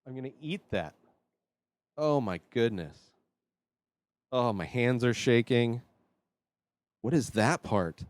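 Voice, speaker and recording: A man's voice: medium pitch, expressive, slow pace, pauses often, no echo. Nervous, rambling man hosting a vlog. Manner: nervous and rambling, many fillers; swings between quiet mutters and loud outbursts. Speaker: show host. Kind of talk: casual solo vlog.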